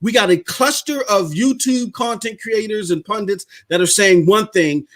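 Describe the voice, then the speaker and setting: A male podcast host in casual, animated chat, talkative and loose, out of breath from running up and down stairs. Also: high voice, normal speed.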